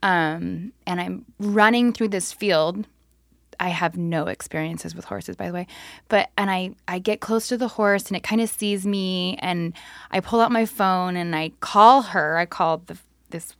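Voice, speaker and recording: A woman's voice: lowish voice, a little slow, vocal fry, dry recording, clean studio sound. A woman co-hosting a podcast, telling casual self-deprecating stories and laughing through them. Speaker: podcast co-host. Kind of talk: casual storytelling.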